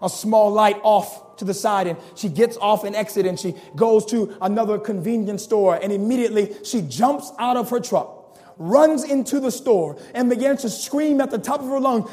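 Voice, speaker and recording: A male preacher telling a dramatic sermon story, acting out its characters and rising to shouted appeals. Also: sits high, moderate pace, faint music behind.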